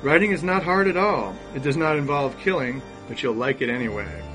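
Man doing pompous storybook priests, quick and raised, mid-pitched. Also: fairly bright tone, soft background music, natural voice, rough recording. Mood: proclaiming. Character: pompous tribal priests proclaiming.

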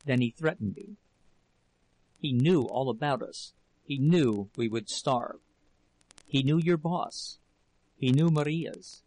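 A man's voice: medium pitch, takes it slowly, gravelly, long pauses, a little mellow, slightly rough, no room sound, full character voice, low-quality recording. A man voicing a desperate young wife who pleads with her husband, breaking into whispers. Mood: broken confession.

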